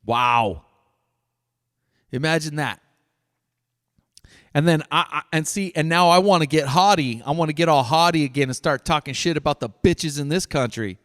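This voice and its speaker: A man's voice: a little high, moderate pace, long pauses, a bit bright. A middle-aged man hosting his own podcast, delivering a blunt, profane solo rant. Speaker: podcast host. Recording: dry voice with long reverb tail.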